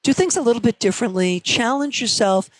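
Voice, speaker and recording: A woman professor telling stories in a conversational interview, lively when quoting others. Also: fairly high pitch, a little fast, dry recording, poor audio. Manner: storytelling, animated quotes. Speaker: professor and guest.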